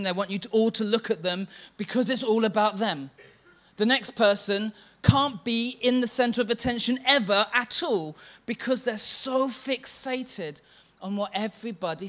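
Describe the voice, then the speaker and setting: Bright-voiced man preaching a sermon. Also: sits high. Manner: storytelling, chants a mocking refrain. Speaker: church leader. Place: church.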